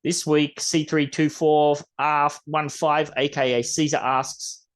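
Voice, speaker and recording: Here an Australian man hosts a podcast slowly, in a slightly high voice that barely moves in pitch. His talk meanders casually and includes mild swearing.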